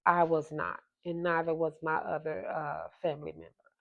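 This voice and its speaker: A woman at home telling a hard personal story in a halting, emotional way, with many restarts. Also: deep voice, flat delivery, gravelly. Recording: slightly dull lo-fi sound.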